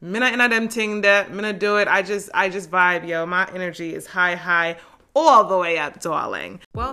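A young woman from New Jersey hosting a podcast, talking in a casual, slangy motivational monologue. She is animated and laughs often, swinging from loud bursts to hushed, low asides. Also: moderate pace, over music. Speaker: podcast host.

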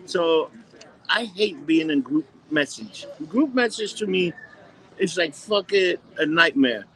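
A man's voice: on the high side, lively intonation, slow pace, fairly bright tone, poor audio. A middle-aged man co-hosting a casual chat, crude and ranting, swearing a lot.

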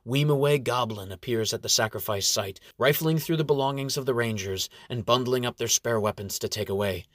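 A man narrates a fantasy audiobook in a steady, measured way at a mid-range pitch. The recording is dry and close, with no room sound. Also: no echo.

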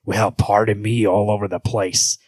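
A man voicing a gruff, taunting male superhero in a low, slow put-on voice while reading comic dialogue aloud. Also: level tone, a little mellow, no room sound. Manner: low slow growl, mocking read.

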